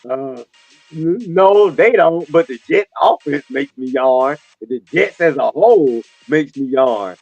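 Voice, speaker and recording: A man co-hosting a casual sports talk show over a video call, talking in loose slang and swinging from a low mutter to excited rants. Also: slow pace, creaky, dry recording, lo-fi sound, soft background music. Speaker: co-host.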